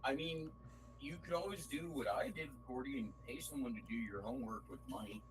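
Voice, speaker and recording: A man's voice: medium pitch, a little fast. A man playing in a tabletop game, joking and loosely narrating the scene. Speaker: player. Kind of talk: casual tabletop game chat. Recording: noisy stream audio.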